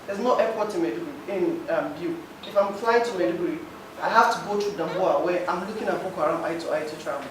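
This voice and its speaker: A man's voice: sits high, fast, few pauses. Guy giving a heated comment at a forum, far from the mic, big echoey hall, noisy. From Nigeria. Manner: emotional, pleading. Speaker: forum participant. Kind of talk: impassioned public comment. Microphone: handheld mic.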